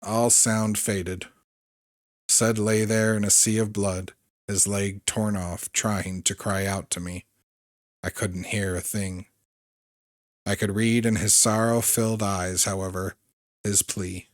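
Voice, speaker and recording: Deep-voiced man reading a game's story. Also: little pitch movement, slow pace, no room sound, studio quality. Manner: earnest reading with occasional stumbles and asides. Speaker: let's play host. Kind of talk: reading game story text aloud.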